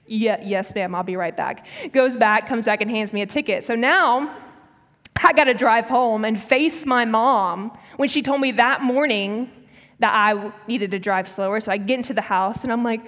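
A woman's voice: a little high, moderate pace, a bit bright. A woman in her early twenties giving a sermon, telling a personal story in a chatty way with casual fillers. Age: early 20s. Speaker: speaker. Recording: long hall reverb.

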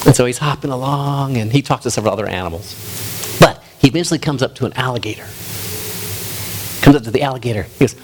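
A man's voice: mid-range voice, fast, darkish tone, slight background noise. A man preaching a sermon in a folksy, self-deprecating way, telling stories with animation. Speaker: pastor.

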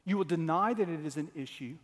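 A man in his forties delivers a sermon with a notably high voice, earnest and building toward emphatic, repeated lines. His words ring out with a long reverb, as in a church sanctuary. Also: fast talker. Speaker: pastor.

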